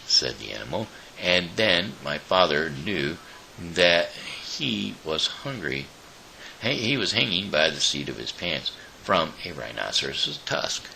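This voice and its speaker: A man hosting his own show, reading a children's storybook aloud in a halting way with small slips. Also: deep voice, big pitch swings, creaky, sharp tone, a little hiss or hum, poor audio. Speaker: show host.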